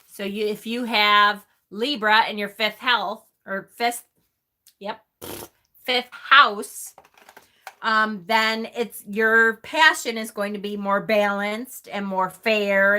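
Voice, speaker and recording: A woman's voice: medium pitch, pushed and bright. A woman hosting a live stream in a chatty way, laughing often as she reads aloud and answers her chat. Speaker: host of a tarot channel.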